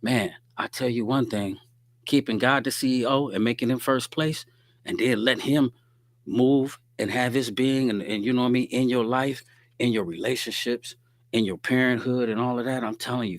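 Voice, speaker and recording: A man's voice: medium pitch, normal speed, dry recording, clean studio sound. A man giving a streetwise, preachy faith-based talk straight to his listeners.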